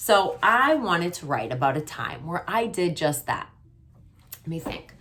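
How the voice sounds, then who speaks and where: A woman's voice: fairly low pitch, big pitch swings, unhurried, a bit bright. A woman kindergarten teacher giving a remote writing lesson to young children, sounding out letters and stretching her words.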